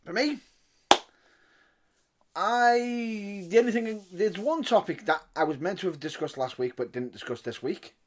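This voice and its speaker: A man's voice: high voice, animated, a little slow, slight background noise. Blunt, swearing man. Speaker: podcast co-host. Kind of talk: casual banter.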